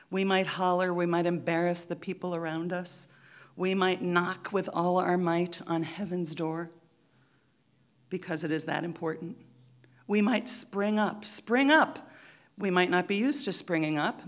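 A woman pastor preaching a sermon in a church, deliberate and emphatic, with rhythmic repetition. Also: fairly low pitch.

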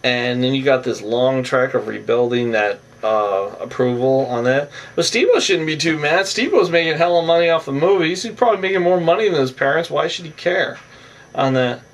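A man talks through a reality show recap in a loose, rambling way, laughing to himself and leaning on the same filler phrase. His voice sits at an ordinary middle pitch. He sounds set back from the microphone, as in a home recording. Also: normal speed, recorded from a distance. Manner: chuckles often, opinionated asides. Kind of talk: casual recap monologue.

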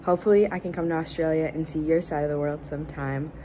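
A woman's voice: low-pitched, steady tone, fast, mellow. A young woman giving a fond, wistful farewell to a close friend. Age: young adult. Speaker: college friend. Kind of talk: farewell message.

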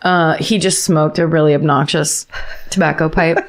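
A woman's voice: low-pitched, steady tone, moderate pace. A woman co-hosting a podcast, reading listener stories with wry, sarcastic asides in casual chat. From United States. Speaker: podcast co-host.

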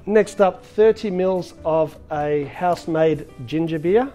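On his own show, a bartender walks through each drink casually and cheerfully, speaking slowly in a slightly high voice sprinkled with filler words. Faint soft music plays beneath this chatty, upbeat cocktail demonstration.

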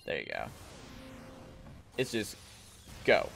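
A man's voice: sits low, huge pitch swings, slow, gravelly, a bit bright, soft background music. A man streaming a video game, giving casual commentary full of swearing and emotional outbursts.

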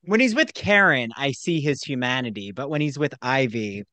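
A man's voice: mid-range voice, moderate pace, dry recording. A man co-hosting a casual podcast chat about a TV show, gushing and acting out quotes as he talks. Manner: animated, gushing, acts out quotes. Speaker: podcast co-host.

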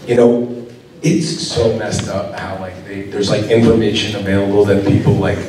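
A man's voice: on the low side, little pitch movement, normal speed, crowd noise. A man on a convention panel as an actor guest, talking casually and rambling with lots of fillers and restarts. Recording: roomy hall sound from far off.

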